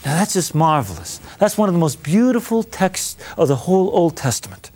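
A man's voice: high voice, big pitch swings, brisk, darkish tone. A man who is a priest giving a Bible lesson, teaching in an enthusiastic, conversational way.

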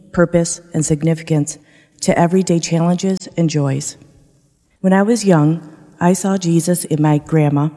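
A woman's voice: low-pitched, dark tone. Sincere woman reading a testimony in a church. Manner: measured, sincere, carefully paced reading. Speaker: parishioner giving a testimony. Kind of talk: reading a prepared personal testimony. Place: church worship space. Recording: long reverb of a church hall.

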